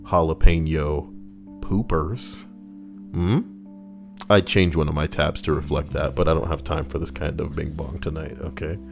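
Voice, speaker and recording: A man's voice: very deep voice, flat delivery, brisk, creaky, hardly any pauses, over music. A man reading stories aloud as a host, breaking off for sarcastic, rambling comic asides. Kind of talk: comedic reading with commentary.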